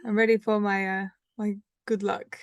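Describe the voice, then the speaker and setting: A woman's voice: mid-range voice, level tone, normal speed, no room sound, studio quality. A woman playing in a tabletop game, chatting in a teasing way and giggling often. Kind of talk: casual play and chat.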